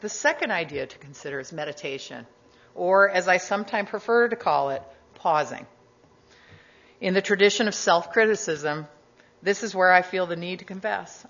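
Woman guest speaker with a low voice, gentle sermon delivery, dull lo-fi recording. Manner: gentle, measured, conversational with asides. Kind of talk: reflective sermon talk.

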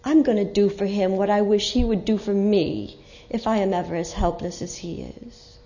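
A woman's voice: medium pitch, animated, moderate pace, warm tone, natural voice. A woman voicing a kind, compassionate male traveler who earnestly thinks aloud, on a muffled lo-fi recording.

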